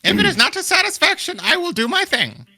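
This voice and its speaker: A tabletop player voicing a tiny, eager, odd creature in a squeaky voice, from a distance. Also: very animated, fast talker, sharp tone, exaggerated voice.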